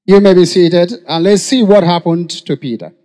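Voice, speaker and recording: A man with a Nigerian accent preaching a sermon to a congregation, calling for responses and shouting. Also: high voice, moderate pace. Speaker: pastor. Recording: long hall reverb.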